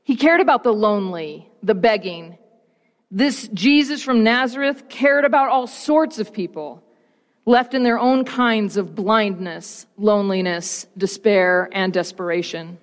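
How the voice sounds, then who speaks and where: A woman pastor reading the gospel and preaching, with slow, rhythmic repetition and dramatic pauses. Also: mid-range voice, long reverb tail.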